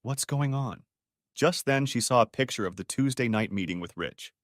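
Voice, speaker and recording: A man's voice: on the low side, brisk, no echo, clean studio sound. A man narrating a dramatic family story as an audiobook, reading expressively.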